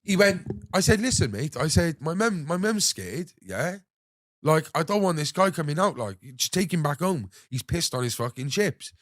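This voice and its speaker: A man's voice: on the high side, normal speed, no room sound, clean studio sound. Young man telling a wild story. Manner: animated anecdote-telling, swears freely, acts out others' lines. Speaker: podcast host. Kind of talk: casual storytelling chat.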